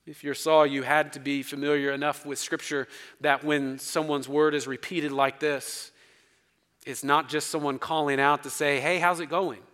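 Male pastor, slightly high voice, emphatic sermon delivery, long church reverb. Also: little pitch movement, moderate pace, clear, resonant tone. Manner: emphatic, dramatic swings in loudness. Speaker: preacher. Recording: long reverb of a large hall.

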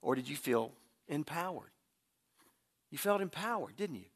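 Gravelly-voiced middle-aged male pastor. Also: fairly high pitch, animated, moderate pace. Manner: conversational, repeats words when starting sentences. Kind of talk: sermon.

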